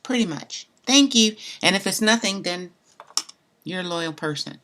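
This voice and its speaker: A woman's voice: fairly low pitch, normal speed, pushed and bright, slight background noise. A woman hosting a live tarot reading stream, chatting loosely and bluntly with viewers. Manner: chatty, talks straight to viewers; loose and blunt, mild cussing. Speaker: tarot reader.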